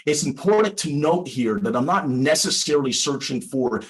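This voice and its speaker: Measured man giving a prepared talk. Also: fairly high pitch, animated, low-quality recording. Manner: measured, deliberate delivery with emphatic pauses; explanatory, instructive tone. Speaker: personal injury lawyer. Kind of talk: prepared presentation for a legal audience.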